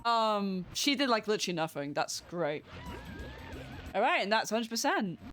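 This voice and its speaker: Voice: mid-range voice, very animated, moderate pace, a bit bright, faint music behind. A streamer giving casual gameplay commentary, full of sarcasm, laughter and swearing.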